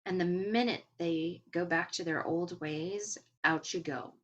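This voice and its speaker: A woman hosting a podcast, talking in a gentle, encouraging and rambling way as she comments on spiritual topics. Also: fairly low pitch, unhurried, lo-fi sound. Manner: rambling, with filler words. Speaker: podcast host.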